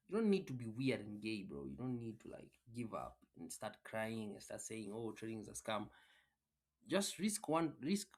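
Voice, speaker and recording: A man's voice: mid-range voice, darkish tone. A man delivering a casual, repetitive motivational rant about trading, blunt and full of swearing. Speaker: trading content creator.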